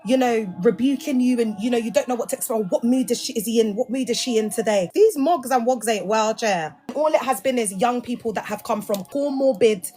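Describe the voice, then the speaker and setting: A woman's voice: a little high, a little fast, hardly any pauses, warm tone. Emphatic woman vlogging. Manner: emphatic and slangy, heavy use of "like" and "you know". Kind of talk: emotional casual monologue.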